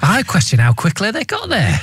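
A man's voice: sits high, wildly swooping pitch, a little fast, heavy background noise. A man hosting a radio show, bantering casually and chuckling as he talks. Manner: jokey, chuckling. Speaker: radio host.

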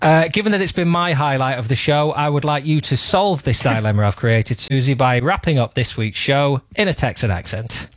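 A man's voice: medium pitch, moderate pace, few pauses, no echo. A man hosting a radio show in a casual comedic chat, rambling and teasing, and laughing often. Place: radio studio.

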